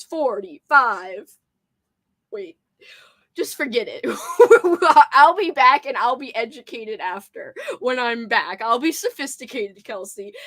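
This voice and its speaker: A woman's voice: on the high side, a bit bright. A woman with a New Orleans accent hosting a casual livestream chat, giggly and playful, teasing herself. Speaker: livestream host.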